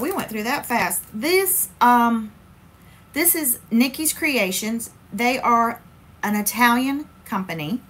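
A woman's voice: on the high side, lively intonation, slow, a bit bright, slight background noise. A woman hosts a casual crafting livestream, chatty and playful, talking straight to her viewers.

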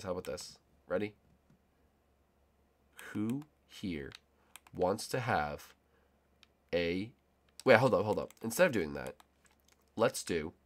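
A young man chats his way through a game session, playful and full of teasing banter. His voice sits at an ordinary pitch and jumps now and then into loud excited bursts. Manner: playful, jokey banter with sudden loud outbursts. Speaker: gaming channel host. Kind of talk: casual gameplay commentary.

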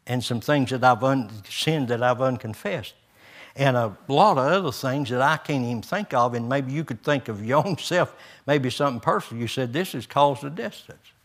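An older man, a pastor preaching a folksy sermon with homespun stories, chuckles and rising emphasis. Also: mid-range voice.

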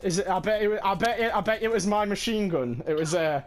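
A young man playing a flight combat game with friends, trash-talking loudly, laughing and yelping in excited banter. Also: sits high, fast. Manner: loud, laughing, trash-talking, yelps and shouts. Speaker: gamer streaming with friends.

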